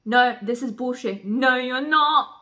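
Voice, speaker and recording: A woman reading aloud the lines of a brash, cocky young man from a novel, a touch lower and flatter than her own chatter. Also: a little slow, roomy sound, exaggerated voice.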